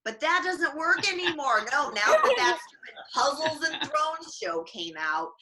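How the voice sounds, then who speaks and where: A woman's voice: high voice, very animated, a little slow, bright, forceful tone, slight background noise, heavily acted. A woman comedian playing a jaded middle-aged space princess and mother, griping in a sardonic stand-up set. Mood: weary griping. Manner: sardonic, griping, mock-weary asides. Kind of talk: in-character stand-up. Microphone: livestream mic.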